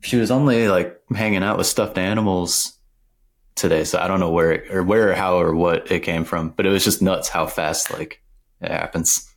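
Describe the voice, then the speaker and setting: Laid-back man with a lowish voice. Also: steady tone, moderate pace, gravelly. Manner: laid-back, laughs through his stories. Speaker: podcast co-host. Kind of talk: casual chat.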